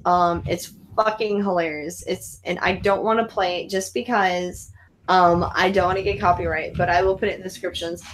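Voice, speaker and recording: A woman's voice: on the low side, normal speed, a little hiss or hum, poor audio. A woman hosting a casual late-night group chat over an online call, swearing freely and laughing often. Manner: profane, excitable, laughs a lot. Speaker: podcast host.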